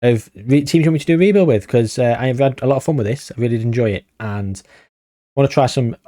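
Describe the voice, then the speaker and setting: A man's voice: mid-range voice, fast talker, warm tone, no echo, studio quality. A man commentating on a football management game, grumbling and exasperated with sarcastic asides. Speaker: gaming YouTuber.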